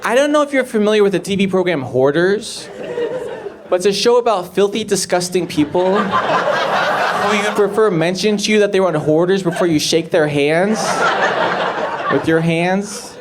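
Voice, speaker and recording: A man doing a stand-up comedy set, animated and mock-disgusted with deadpan asides. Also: high voice, moderate pace, over a noisy crowd. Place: comedy club stage. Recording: loud audience laughter, noisy stage.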